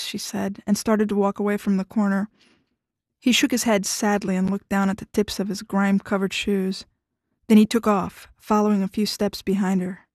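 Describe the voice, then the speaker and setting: A woman reading a fiction story aloud in a steady, measured narration. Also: mid-range voice, no room sound, clean studio sound. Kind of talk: scripted narration.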